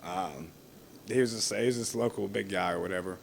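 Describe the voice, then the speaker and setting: A man's voice: on the low side, a little fast, vocal fry. A young man in a casual interview, rambling through stories with lots of fillers and frequent laughter. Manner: rambling, heavy on fillers like "you know what I mean"; laughs often while telling stories. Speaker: wrestler being interviewed.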